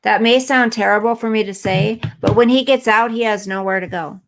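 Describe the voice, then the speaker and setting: A woman's voice: medium pitch, fairly quick, gravelly. A woman hosting a live stream, chatting earnestly and emotionally with viewers and reading their comments.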